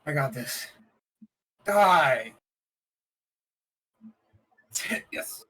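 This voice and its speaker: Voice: medium pitch, flat delivery, moderate pace, poor audio. A player in a casual tabletop game who gets hyped for attack rolls and talks to the dice. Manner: hyped, trash-talking the dice.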